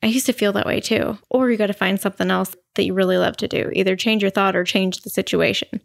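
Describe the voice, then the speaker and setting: A woman's voice: mid-range voice, fairly even intonation, fast talker, vocal fry. A woman co-hosting a podcast, chatting casually and candidly, with blunt jokes and stories from home. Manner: candid, jokey, blunt about personal stories. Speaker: podcast co-host. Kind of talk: casual self-help chat.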